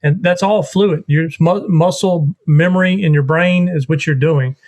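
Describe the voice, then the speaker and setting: Casting: man, a bit high-pitched, rambling how-to explainer, casual. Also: measured pace, a little mellow. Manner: rambling, repeats steps while explaining. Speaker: duck calling guest. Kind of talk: casual instructional chat.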